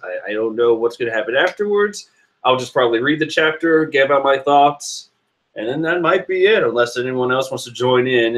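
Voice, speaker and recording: A man casually reading and reacting to a comic chapter, animated and rambling with restarts. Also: medium pitch.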